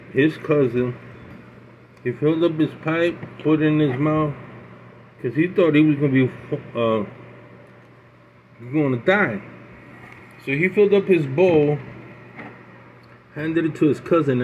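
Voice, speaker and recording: Folksy male storyteller over a phone-like line. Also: fairly high pitch. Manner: rambling, folksy, repeats himself. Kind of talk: casual oral storytelling. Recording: phone-like with faint noise.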